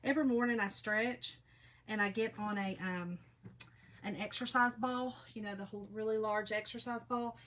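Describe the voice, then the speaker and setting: A woman's voice: mid-range voice, steady tone, normal speed, fairly bright tone, slight background noise. A woman, hosting a casual craft livestream and chatting folksily with viewers while she works.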